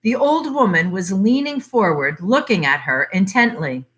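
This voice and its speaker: A woman from a library reading a short story aloud with measured, expressive narration. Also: mid-range voice.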